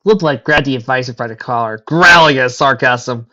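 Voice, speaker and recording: A woman reading a fan story aloud, narrating quietly and quickly between the characters' lines. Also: very deep voice. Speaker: fan fiction reader. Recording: dull lo-fi recording.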